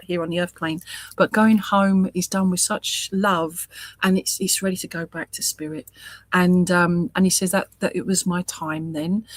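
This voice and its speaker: A woman giving a live mediumship reading, speaking gently and reassuringly and often murmuring sympathy. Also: lowish voice, dry recording. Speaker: spiritualist medium.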